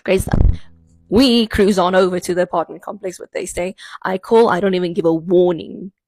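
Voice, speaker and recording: A woman's voice: on the low side, fairly even intonation, normal speed, darkish tone, slight background noise. A young woman tells a personal story to camera, in a dry, sardonic way. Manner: dry, sardonic, repeats a catchphrase between beats. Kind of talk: storytime vlog.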